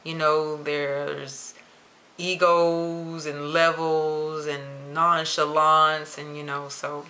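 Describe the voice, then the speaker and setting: A young adult woman vlogging to camera in a chatty, expressive way, stretching words for emphasis. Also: low-pitched, very slow. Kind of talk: casual chat to camera.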